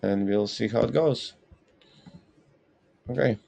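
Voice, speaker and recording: A man's voice: medium pitch, slow pace, creaky, mellow. A man hosting a live trading stream, rambling and correcting himself in casual market commentary. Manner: rambling, self-correcting, apologetic.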